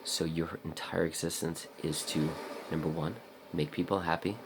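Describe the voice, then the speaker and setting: A man's voice: fairly even intonation, moderate pace, noisy background. A man vlogging in a casual, rambling monologue, blunt and profane, talking straight to the viewer and acting out his own inner voice. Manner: acts out his own inner voice in a higher, louder pitch.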